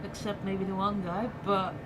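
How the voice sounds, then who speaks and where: A woman in casual chat, asking curious questions at a slow, careful pace. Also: medium pitch, level tone, crowd noise.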